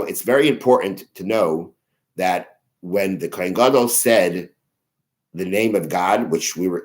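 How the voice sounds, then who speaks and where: A very deep-voiced man leads a daily Mishnah study. He reads each Hebrew phrase aloud, then translates and explains it. He often stops mid-sentence to rephrase. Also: poor audio. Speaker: teacher of a daily Mishnah class. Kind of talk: religious text study lesson.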